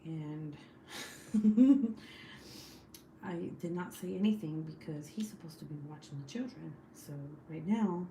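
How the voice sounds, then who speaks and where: Woman, young adult, casual crafting chat, blunt and profane, laughs often, lowish voice, echoey room. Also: darkish tone, a little hiss or hum. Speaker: crafting livestream host. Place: home.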